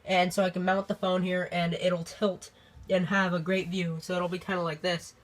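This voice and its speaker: A young YouTube host gives a casual channel update vlog, saying they're sick and congested. The talk rambles and halts with many ums and restarts, in a medium pitch that barely moves.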